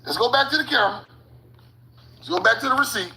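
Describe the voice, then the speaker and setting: High-pitched, gravelly man, slow talk. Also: pushed and bright, rough recording. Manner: profane, repeats "hold on", laughs at his own points. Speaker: channel host. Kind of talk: casual commentary over maps.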